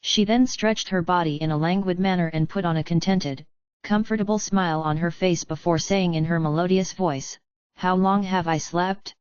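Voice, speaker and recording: Low, smooth female audiobook narrator. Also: moderate pace, darkish tone, no echo. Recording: dull, lo-fi, dry.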